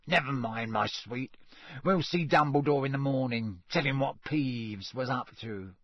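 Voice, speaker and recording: A man's voice: high-pitched, big pitch swings, slow pace, sharp tone, husky, no echo, voice pushed up, heavily acted. A man voicing a fussy, grumbling old male caretaker who mutters petulantly. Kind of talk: audiobook character voice.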